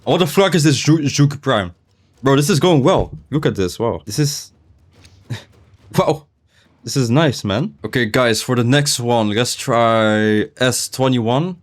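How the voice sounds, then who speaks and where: A man's voice: medium pitch, slow pace. A young man chatting casually while gaming, rambling with many restarts and filler words, his speech slightly unclear. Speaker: gaming streamer. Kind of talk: casual gameplay commentary. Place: his room, seated in a chair.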